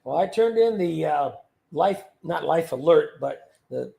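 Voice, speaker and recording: A man's voice: fairly high pitch, lively intonation, a little slow, vocal fry, muffled recording. A man hosting a livestream, chatting in a rambling way with many fillers and chuckles. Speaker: livestream host. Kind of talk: casual livestream chat. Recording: roomy echo.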